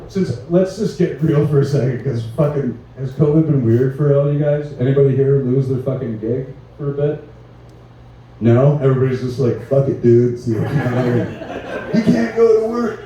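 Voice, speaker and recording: A man's voice: mid-range voice, mellow, slight background noise. Profane man in his forties, echoey. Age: 40s. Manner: profane, rambling, laid-back storytelling. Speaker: stand-up comedian. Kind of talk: stand-up comedy set. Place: large echoey room at a live show. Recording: echoey room, voice from far off.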